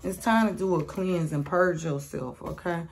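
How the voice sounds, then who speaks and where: A woman's voice: lowish voice, moderate pace, a little hiss or hum. A woman doing a casual collective tarot reading, talking bluntly with slang and profanity and calling listeners sweetheart. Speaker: tarot reader.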